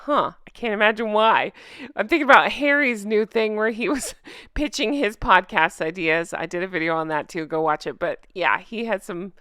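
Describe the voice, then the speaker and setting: A woman vlogger giving casual, sarcastic commentary, animated and laughing often, in a voice she jokingly calls a drunk goose's. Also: medium pitch, normal speed, smooth, no echo, studio quality. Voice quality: self-described drunk-goose voice.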